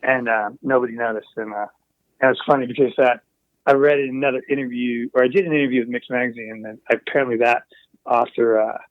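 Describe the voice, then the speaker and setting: A man's voice: mid-range voice, fairly even intonation, fast talker, dry recording. Man, recording engineer guest, rambling casual anecdotes, tinny phone-like sound, dry. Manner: meandering, full of asides and trailing restarts. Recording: tinny phone-like call line.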